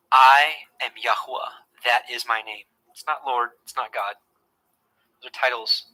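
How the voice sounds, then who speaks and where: Man, online Bible teacher, earnest, very bright tone, middle pitch, chatty scripture teaching. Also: poor audio. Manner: earnest, repeats words and restarts often.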